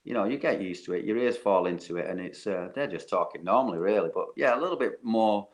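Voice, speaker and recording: Laid-back low-voiced man. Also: expressive, fast. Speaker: panel guest. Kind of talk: casual chat.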